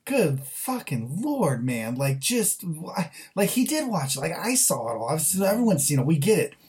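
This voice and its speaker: A man's voice: fairly high pitch, very animated, normal speed, a little mellow. Blunt, exasperated male podcast film reviewer, casual and sweary. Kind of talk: casual chat.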